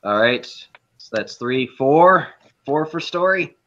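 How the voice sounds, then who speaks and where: A man's voice: on the high side, lively intonation, takes it slowly, fairly bright tone. A man hosting a casual group chat, running a vote with joking, playful asides. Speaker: host. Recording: dull lo-fi audio.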